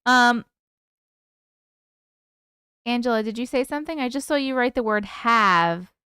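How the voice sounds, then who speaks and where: A woman's voice: on the high side, animated, a little slow, bright, forceful tone, smooth, dry recording, studio quality. A woman from the UK hosting a live stream at home, chatting casually and answering viewer comments as they come in. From United Kingdom.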